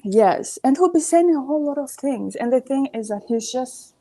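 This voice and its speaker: A woman's voice: sits high, expressive, moderate pace, mellow. A woman calling in to a live show, earnest and emphatic, often asking "you see". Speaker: caller. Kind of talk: call-in opinion.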